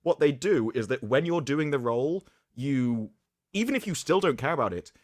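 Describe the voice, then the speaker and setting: A man's voice: mid-range voice, expressive, normal speed, darkish tone, no echo. A man co-hosting a casual livestream chat, rambling and opinionated, on a close mic. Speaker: co-host.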